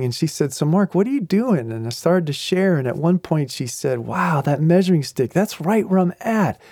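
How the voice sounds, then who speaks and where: A man with a fairly high voice and a mellow, warm tone. He tells faith stories with animated energy and chuckles along the way. The sound is dry and close. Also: no echo. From New England. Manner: animated, chuckling storyteller who acts out quotes. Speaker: podcast host. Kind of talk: faith-based storytelling talk.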